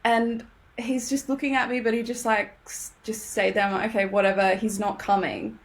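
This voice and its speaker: This young Australian woman is a podcast guest spinning a casual tale, full of energy and laughter as she imitates what others said. She has a fairly high pitch and talks at normal speed.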